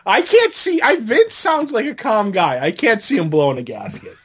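A man's voice: sits high, huge pitch swings, moderate pace, crowd noise. A man reacting in casual podcast chat, laughing easily and chiming in.

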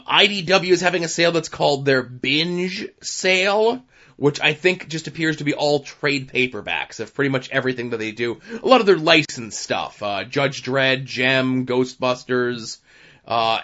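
On a podcast, a male co-host rambles casually through a list, using plenty of fillers. His mid-range voice moves at normal speed and sounds pushed and bright, while the audio itself is dull and lo-fi.

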